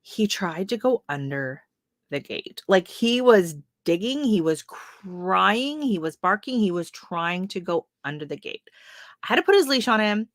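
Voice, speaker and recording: Woman, 30s, from Canada, gardening livestream host. Middle pitch, chatty and giggly, filler-heavy, dry webcam sound. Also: expressive, a little slow, dry recording. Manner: chatty storyteller, laughs often, many fillers. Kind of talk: casual livestream chat.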